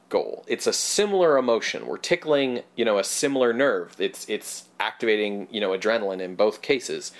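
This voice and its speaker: A man co-hosting a podcast, chatting casually and at length about films, rambling and swearing now and then. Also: fairly low pitch. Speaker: podcast co-host. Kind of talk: casual film discussion.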